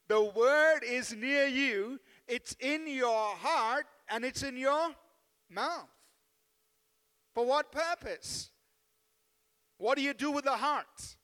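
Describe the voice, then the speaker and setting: A man with a very high voice preaches a sermon from the pulpit. He keeps checking in with the congregation for amens. The sound carries a long reverb from a large church hall. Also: bright, forceful tone. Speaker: pastor. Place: church sanctuary.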